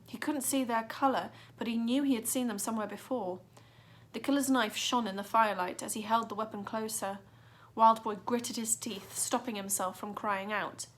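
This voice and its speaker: Expressive woman reading a storybook aloud. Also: fairly high pitch. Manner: dramatic, expressive. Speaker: narrator.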